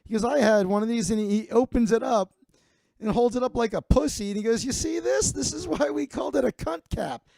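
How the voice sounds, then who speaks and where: A man voicing his crude, chain-smoking older uncle, loud and needling. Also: extremely high pitch, a little fast, vocal fry, no echo, voice pushed up, heavily acted. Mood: gleeful.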